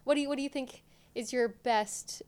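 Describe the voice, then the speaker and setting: A woman's voice: sits high, normal speed, a little mellow, clear, resonant tone. A woman from Canada who is a guest on a casual chat, talkative and giggly and saying "like" a lot. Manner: chatty, giggly, says like a lot.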